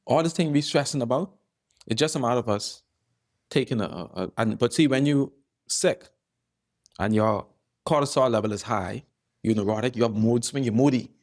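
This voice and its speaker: A holistic health doctor, guesting on a podcast, explains health through stories and often repeats phrases for emphasis. His mid-range voice moves at normal speed and is a little mellow in this casual conversation.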